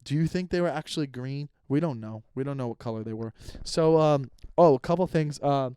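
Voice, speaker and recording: A man's voice: medium pitch, brisk, dark tone, smooth. A young man hosting his own podcast, chatting casually and rambling, swearing as he vents about his listeners. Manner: rambling, profane, venting. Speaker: podcast host. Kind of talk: casual solo podcast chat. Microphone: close podcast microphone.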